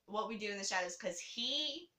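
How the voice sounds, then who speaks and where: A woman hosting a casual movie chat, excitable and quick to laugh, with a habit of swearing. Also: medium pitch. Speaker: channel host. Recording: echoey room.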